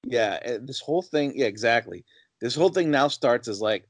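A man's voice: mid-range voice, expressive, moderate pace, no room sound. A man co-hosting a podcast in casual film discussion, recounting scenes in a conversational, analytical way. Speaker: podcast co-host.

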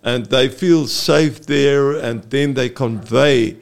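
A man, a therapist, explaining earnestly in an interview, halting often with fillers. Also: mid-range voice, gravelly. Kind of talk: explaining in a talk-show interview.

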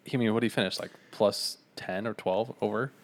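A young man's low-ish, brisk voice carries this casual podcast chat. As co-host, he rambles along in a relaxed, slangy manner.

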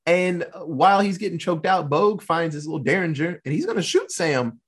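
A man hosting a casual podcast and recapping a movie in an animated, swearing, laughing storytelling style. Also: fairly high pitch, brisk, breathy edge. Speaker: podcast host.

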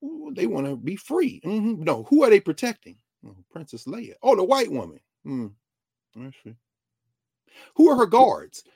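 Animated husky man, pitch leaping around. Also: no room sound, clean studio sound. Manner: lively, digressive, quick shifts between high and low pitch. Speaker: guest. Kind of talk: animated conversational talk.

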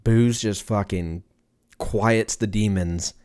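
A man's voice: lowish voice, steady tone, takes it slowly, a little mellow. A man in his thirties hosting a podcast on his own, rambling, swearing casually and laughing at his own jokes. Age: 30s. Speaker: podcast host. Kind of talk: casual solo podcast chat.

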